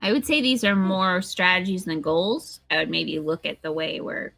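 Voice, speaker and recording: A woman trading quick jokes and giggles while playing a mystery game. Her voice is bright and clear, and the close mic makes it sound dry. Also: lowish voice, no echo. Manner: giggly, joking, quick asides. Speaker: co-player. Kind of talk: casual gameplay chat.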